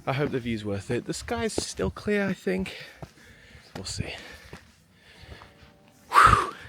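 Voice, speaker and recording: This man's voice is a little high, creaky and sharp in tone, with big swings in pitch and a slow pace. He's a travel vlogger doing a walking vlog outdoors, heading up a hillside trail and road to a shrine while chatting to the camera, teasing himself and panting from the climb.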